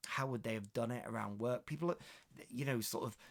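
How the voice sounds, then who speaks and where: A man's voice: mid-range voice, fairly quick. A man reading an extract from a classic novel aloud and explaining it in a hesitant way, with many fillers. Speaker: literature video host.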